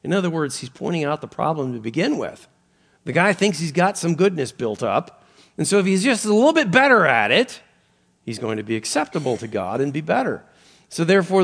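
Gravelly-voiced man preaching a sermon. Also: fairly high pitch. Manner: earnest preaching that rises and falls, quoting scripture. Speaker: pastor.

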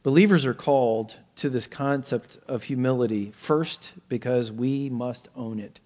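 A man preaching an expository sermon in a mid-range voice. He reads and explains scripture verse by verse. He acts out the characters' pleas with sudden rises in pitch and loudness. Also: measured pace. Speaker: pastor.

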